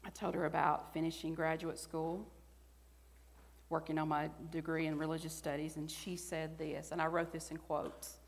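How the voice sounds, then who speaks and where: A woman's voice: deep voice, little pitch movement, normal speed, vocal fry. Southern woman preaching in a reverberant hall. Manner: builds to emphatic, rising exhortation. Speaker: speaker. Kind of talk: sermon.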